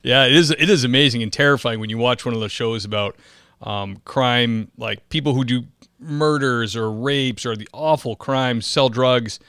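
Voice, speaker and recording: A man's voice: medium pitch, normal speed, fairly bright tone, clean tone, no room sound, clean studio sound. A man hosting a casual interview, laughing easily and reacting to his guest. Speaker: podcast host.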